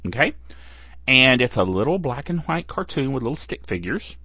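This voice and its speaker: A man's voice: medium pitch, big pitch swings, moderate pace, bright, forceful tone, husky, dry recording. A man hosting a casual tech podcast, chatty and playful, laughing between phrases. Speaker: podcast host. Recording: dull, lo-fi and dry.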